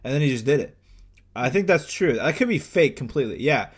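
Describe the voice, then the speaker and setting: A young man co-hosting a loose podcast, swearing freely and joking as he tells a story. His pitch sits mid-range for a man, and the talk is relaxed and unscripted. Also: a little fast, slightly rough. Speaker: podcast co-host. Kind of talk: casual banter.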